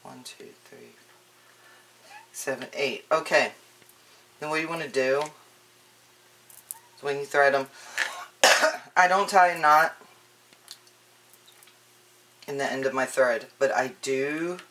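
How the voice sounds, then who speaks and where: Woman, casual craft tutorial, chatty, relaxed, lots of ums and restarts, voice drifts nearer and farther from the camera mic. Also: rumbling low, unhurried, pauses often.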